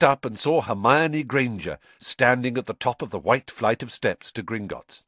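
A man reading an audiobook in an animated storytelling manner. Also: on the low side, normal speed, few pauses, no room sound. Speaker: audiobook narrator. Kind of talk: scripted narration.

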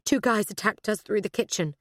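A woman's voice: mid-range voice, fairly quick, dry recording, clean studio sound, voice pushed up, lightly acted. A woman reading as a blunt young heroine. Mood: tense. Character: young British woman caught in a shootout, tough.

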